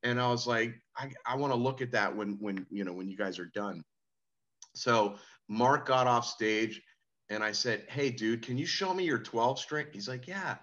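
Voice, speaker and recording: A laid-back man telling a long anecdote as a podcast guest, his voice bright and forward in tone. The audio sounds a little dull and lo-fi, like a remote call. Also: medium pitch, moderate pace. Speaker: musician guest. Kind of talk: casual interview storytelling.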